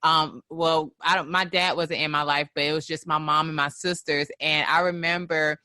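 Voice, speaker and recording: A woman in her thirties hosting a podcast, chatting in an animated way and acting out what relatives said. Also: low voice, normal speed, no room sound, studio quality. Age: 30s. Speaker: podcast host. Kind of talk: casual conversation.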